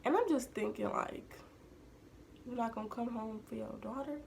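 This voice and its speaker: A young woman recounts a personal story straight to her viewers in a loose, chatty way. Her voice sits a little high and has a gravelly fry running through it. Now and then she sinks into a hushed aside, with faint noise behind her. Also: moderate pace. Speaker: vlogger.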